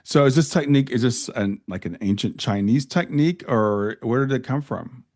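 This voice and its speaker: A man's voice: medium pitch, moderate pace, a little mellow. A male podcast host asks a guest curious questions, with short affirming replies in between. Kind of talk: interview questions.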